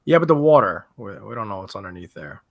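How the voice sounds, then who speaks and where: Lively, laid-back man on a podcast. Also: fairly low pitch, fast talker, gravelly, dry recording. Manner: enthusiastic, laid-back, casual slang. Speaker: podcast co-host. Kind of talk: casual podcast chat.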